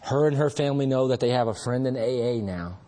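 A man's voice: medium pitch, a little fast, warm tone. Earnest man sharing a recovery story. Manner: earnest, rambling, conversational with restarts. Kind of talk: personal testimony at a meeting.

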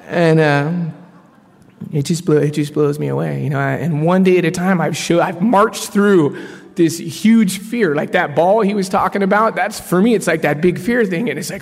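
A man in his thirties from Colorado sharing his personal story from a podium, casual and animated with slang. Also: a little high, moderate pace, gravelly. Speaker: speaker sharing his story at a recovery meeting. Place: large conference hall. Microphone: podium mic. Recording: long hall reverb.

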